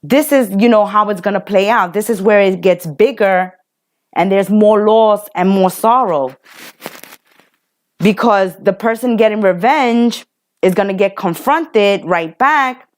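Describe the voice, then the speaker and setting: A tarot reader with a mid-range voice gives a general reading at a slightly slow pace. She's emphatic and repetitive, often acting out what the people in the reading would say.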